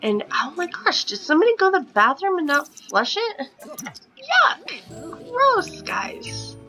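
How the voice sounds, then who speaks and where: A woman's voice: high-pitched, very animated, moderate pace, pushed and bright, soft background music, low-quality recording. A woman in her thirties chatting casually at home while playing a life-sim game, often dropping into a whisper. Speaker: gaming vlogger. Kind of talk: casual gameplay commentary.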